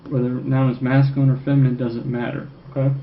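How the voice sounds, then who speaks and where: A man's voice: mid-range voice, completely flat delivery. Man teaching French in an echoey room. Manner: checks in with "okay?" constantly, repeats French phrases slowly. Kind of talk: recorded classroom lecture. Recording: echoey room, dull lo-fi sound, faint noise.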